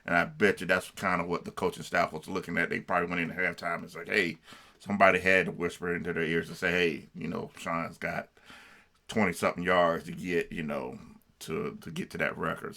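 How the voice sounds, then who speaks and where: A man's voice: low-pitched, fairly quick, gravelly, pushed and bright. A man co-hosting a sports talk show, chatting casually and agreeably like a fan. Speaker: co-host.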